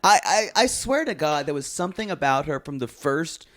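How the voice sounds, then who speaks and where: A man co-hosting a podcast, joking and chiming in with quick asides. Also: a little high, sing-song, a bit bright. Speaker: podcast co-host. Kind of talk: casual recap chat.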